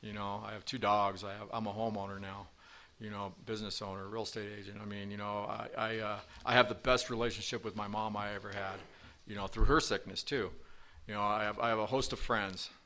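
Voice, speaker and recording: A man's voice: fairly low pitch, flat delivery, a little fast, pushed and bright. A man telling his recovery story at a meeting, rambling with lots of fillers and restarts. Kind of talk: personal recovery talk. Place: meeting room with audience.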